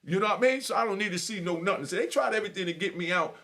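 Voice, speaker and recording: Racing along in a sharp, high-sitting voice, the middle-aged vlogger recounts his prison experiences with emotion. His earnest street slang is punctuated by repeated check-ins of "you know what I mean."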